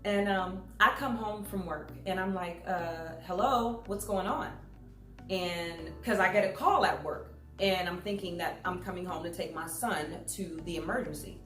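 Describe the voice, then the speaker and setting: Woman, thirties, lively storyteller on stage; echoey hall, faint music. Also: fairly low pitch, normal speed, hardly any pauses. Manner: animated, acts out voices in her stories. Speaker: public speaker. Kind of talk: storytelling talk to an audience.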